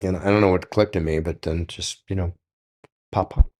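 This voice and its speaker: An older man telling stories on a podcast in a casual, animated way, acting out the dialogue. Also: deep voice, moderate pace. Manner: animated, acts out quoted dialogue. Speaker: guest storyteller.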